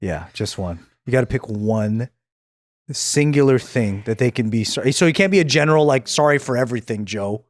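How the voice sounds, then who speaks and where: A man's voice: medium pitch, moderate pace, no echo. A man hosting a podcast, casually asking questions to draw out his co-hosts. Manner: relaxed, prompting questions. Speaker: podcast host. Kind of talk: casual chat.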